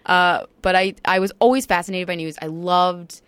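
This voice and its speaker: A woman's voice: fairly low pitch, fairly even intonation, moderate pace, fairly bright tone, smooth. A woman from New York with a faint New York accent, chatting casually as a podcast guest and peppering her talk with "like" and "you know.". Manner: chatty, scattered with 'like' and 'you know'.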